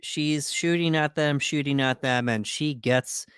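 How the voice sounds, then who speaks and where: A man co-hosting a podcast, casually recapping film scenes and acting out characters' lines with quick put-on voices. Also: a little high, fairly bright tone, clean tone, no room sound, clean studio sound. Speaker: podcast co-host. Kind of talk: casual movie breakdown chat.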